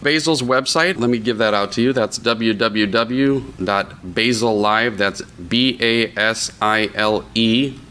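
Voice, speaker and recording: A man's voice: fairly low pitch, a little slow, hardly any pauses, sharp tone, smooth. A man hosting a radio interview, giving brief dry jokes and reading out web details. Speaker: radio host.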